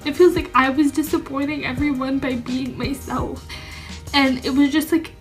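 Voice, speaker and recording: Speaking straight to camera, a young vlogger with a slightly high voice tells her personal coming-out story at a normal speed and steady tone. Her talk is casual and packed with "like," and at times she grows emotional and tearful. Soft music plays faintly in the background.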